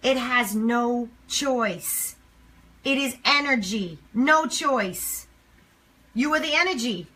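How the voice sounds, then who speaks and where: A woman speaking emphatically to camera as a motivational speaker, swinging between loud and hushed lines. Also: on the high side, animated, takes it slowly.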